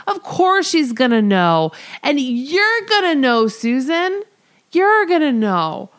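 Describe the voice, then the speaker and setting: A woman co-hosting a casual chat show, scolding and indignant as she rants. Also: fairly high pitch. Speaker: podcast co-host.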